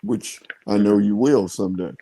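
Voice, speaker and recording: A man in his seventies with a low, mellow, darker voice tells stories in a relaxed, folksy way. He speaks plainly and colloquially, like a veteran car dealer passing on what he has learned. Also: moderate pace, breathy edge. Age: 70s. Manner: folksy, colloquial storyteller, gives advice. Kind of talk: casual podcast talk.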